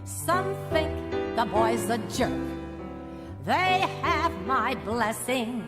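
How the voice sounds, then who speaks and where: A woman's voice: fairly high pitch, expressive, drawn-out words, loud music behind the voice, heavily acted. A woman singing a wry musical theatre number on a cast album. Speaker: singer in a stage musical cast recording. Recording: cast album with loud orchestra.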